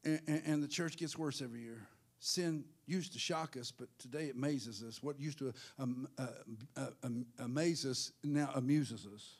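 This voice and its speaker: A male pastor preaching a sermon in church, swinging from hushed asides to shouted, sing-song peaks. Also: mid-range voice, normal speed.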